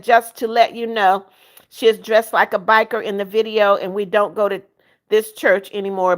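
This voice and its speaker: Older woman hosting a live chat. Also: a little high. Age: 70s. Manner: reads viewer comments aloud, greets viewers by name; sings happy birthday softly. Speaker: livestream host. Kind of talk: casual live-chat reading.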